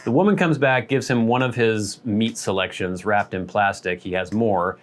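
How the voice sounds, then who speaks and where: A man's voice: on the low side, normal speed. A man hosting his vlog, telling a rambling, wry, self-deprecating story in a casual way. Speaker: vlog host.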